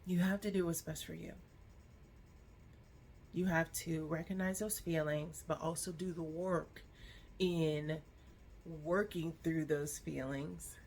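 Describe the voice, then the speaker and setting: A woman talking to camera in a personal vlog, earnest and reflective, offering gentle encouragement. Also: low voice, steady tone, takes it slowly, long pauses, slight background noise. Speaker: vlogger. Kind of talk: heartfelt personal vlog talk.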